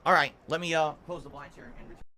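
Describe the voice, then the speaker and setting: A man's voice: a little high, steady tone, fast talker, creaky, sharp tone. A man livestreaming casually, rambling and complaining, with faint background noise.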